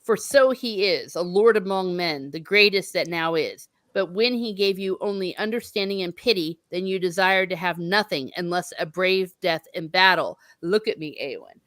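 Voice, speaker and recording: A woman reading the lines of an earnest young noble captain from a book, measured and solemn. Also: fairly low pitch, fairly bright tone, no room sound, lightly acted.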